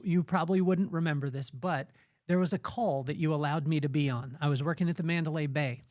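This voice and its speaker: Guy hosting a podcast, higher voice, dry close sound, rambles through a story. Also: a little mellow, no echo. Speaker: podcast host. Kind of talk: casual interview chat.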